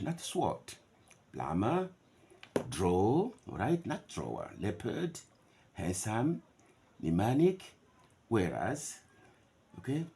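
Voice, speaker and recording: A man's voice: deep voice, creaky, a little mellow, slight background noise. A man whose first language is Bantu, giving a classroom lecture on English pronunciation and drilling words by contrasting them. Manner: drawn-out contrasting word repetitions.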